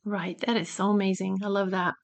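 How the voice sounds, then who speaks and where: A woman co-hosts a faith-based recovery talk, answering with brief, encouraging affirmations. Her voice has a gravelly fry and little melodic movement. She sounds supportive and steady. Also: medium pitch, brisk. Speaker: recovery podcast co-host.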